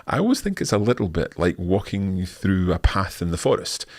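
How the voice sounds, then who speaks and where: Deep-voiced Scottish man answering questions. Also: very animated, normal speed, dry recording. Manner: friendly, explanatory, frequent restarts. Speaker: language course host. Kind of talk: live Q&A, casual explaining.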